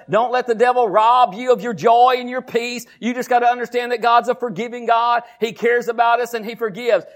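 A middle-aged man preaches from the pulpit with a notably high-pitched voice. He talks in a lively, folksy way, repeating phrases and working in humor. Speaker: pastor. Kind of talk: sermon.

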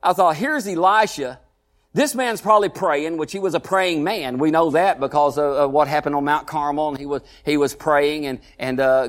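A pastor preaching a sermon, drawing the congregation in with repeated asides and questions. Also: male voice, a little high. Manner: preaching with call-and-response asides, repeated "huh?" and "listen".

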